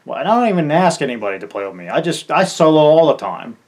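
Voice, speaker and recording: A man's voice: a little high, very animated, fast. A gaming content creator venting in an angry farewell rant, swearing and stumbling over his words.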